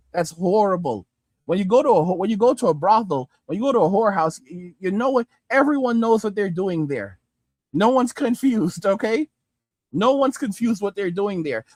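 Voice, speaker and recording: A man with a high-pitched voice rants on a livestream, blunt and heated, swearing constantly. He speaks close to a studio microphone at his home desktop, the sound dry with almost no room in it. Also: no room sound. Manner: blunt, heavily profane, heated. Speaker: livestream host. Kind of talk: ranting commentary and reading viewer comments. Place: home desktop streaming setup.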